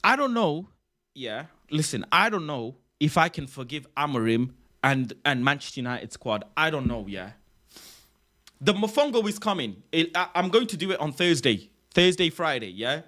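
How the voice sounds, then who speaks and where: A young man hosting a casual livestream chat, excitable and repeating himself, often ending phrases with "bro". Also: fairly high pitch, moderate pace. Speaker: livestream host.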